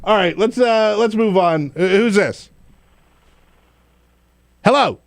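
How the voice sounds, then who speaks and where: Male call-in radio host, animated and easily amused, dry close mic. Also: sits high, slow, creaky, dry recording. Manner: animated and easily amused, laughs along with callers. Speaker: radio talk show host.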